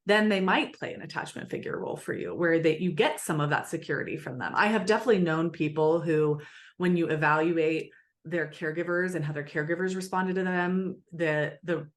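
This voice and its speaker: A woman with a fairly low voice talks through ideas in an earnest, teacherly way. She slips into short acted-out example lines as she explains. The delivery is relaxed interview conversation. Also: brisk. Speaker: attachment expert guest.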